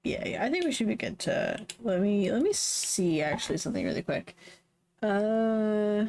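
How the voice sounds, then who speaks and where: A woman's voice: mid-range voice, lively intonation, moderate pace, a little mellow, slight background noise. A woman from the Southern United States streaming live, chatting casually in a meandering way with many fillers. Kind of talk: casual chat.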